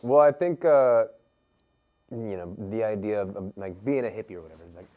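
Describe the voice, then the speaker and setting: A man's voice: fairly low pitch, lively intonation, fairly quick, narrow, tinny audio. A man hosting a podcast in casual chat, thinking aloud with stumbling restarts. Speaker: podcast host.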